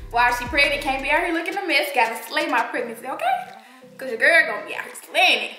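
A woman's voice: high voice, fast, bright, forceful tone, soft background music. A pregnant young woman co-hosting a casual couple's vlog, playful and slangy, a little out of breath. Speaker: vlog co-host. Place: in a truck.

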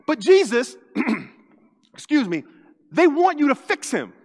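A man with a high-pitched voice preaches an animated sermon, slipping into comic voices as he acts out little scenes. His words ring with a long church reverb. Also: normal speed. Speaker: lead pastor. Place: church sanctuary.

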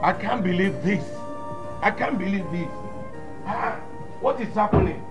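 A man's voice: high-pitched, a little slow, music in the background. An actor playing a distraught father with a Nigerian accent, refusing to believe his daughter is dead. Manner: agitated, disbelieving.

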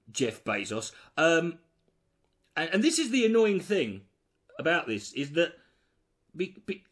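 A man giving sweary, mocking reaction commentary on a video. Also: fairly high pitch. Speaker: commentary host.

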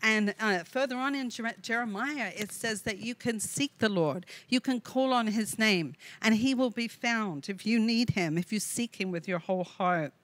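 Woman leading a women's Bible study, earnest, reads verses with warm asides, dry close mic. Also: a little high, moderate pace, few pauses, no echo. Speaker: women's ministry leader. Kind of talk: devotional Bible teaching to women. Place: online video session with a co-host.

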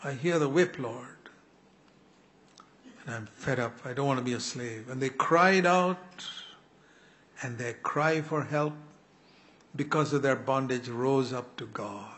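Older man, preacher, earnest sermon, pleading prayers, throat clearing. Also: medium pitch, a little slow, pauses often. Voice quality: clears his throat often.

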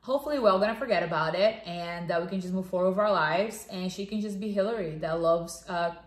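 A chatty woman co-hosting a casual podcast, talking on with plenty of fillers and restarts. Her voice sits a little low for a woman. She is heard in a roomy, echoey space. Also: fast talker. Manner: chatty, animated, many fillers. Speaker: podcast co-host. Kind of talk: casual chat. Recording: echoey room.

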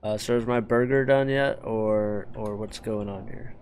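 A man's voice: fairly low pitch, fairly even intonation, a little slow, darkish tone, clear, resonant tone. Man giving casual game commentary. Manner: chatty, jokey, talks to game characters. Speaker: gaming YouTuber. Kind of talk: casual let's-play commentary. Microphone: desk microphone.

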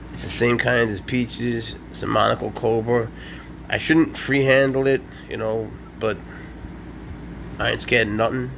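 A man filming a casual vlog at home with his pets, muttering asides and breaking into excited baby talk with his cat. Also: fairly low pitch, vocal fry, background noise. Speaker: pet vlogger. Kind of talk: casual handheld vlog narration.

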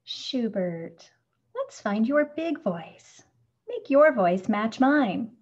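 A gentle female butterfly teacher from a storybook, speaking slowly, firmly and soothingly, as a woman reads her aloud. The voice is breathy and slow-paced. The recording is muffled and lo-fi. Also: a little high, sing-song, heavily acted.

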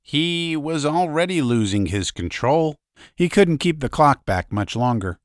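A man voicing a grim, weary fighter who speaks bluntly and states hard facts flatly. His voice sits a little higher than the narrator's low tone. The sound is dry and close. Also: a little slow, dry recording.

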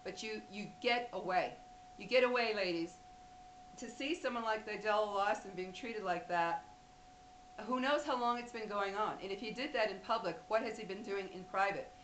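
A woman's voice: medium pitch, moderate pace, a bit bright, roomy sound, slight background noise, rough recording. A woman vlogger talking straight to camera, blunt and emphatic, speaking directly to women viewers. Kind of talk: direct-to-camera advice talk.

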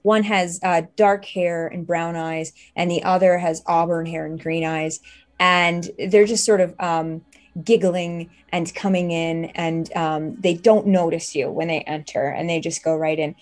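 A woman's voice: on the low side, steady tone, a little slow. A woman narrating a tabletop horror game as game master, describing the scene with hesitant fillers and restarts.

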